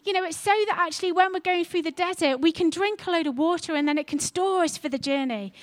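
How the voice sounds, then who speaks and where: A woman's voice: very high voice, quick pace, voice pushed up. A woman voicing a patient mother camel in a told story, explaining things to her son.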